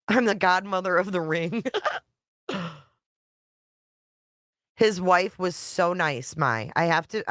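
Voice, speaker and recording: A woman's voice: deep voice, a bit bright, no room sound, clean studio sound. A woman YouTube creator talking casually on a live stream, chatty and blunt, reading viewer comments and swearing now and then.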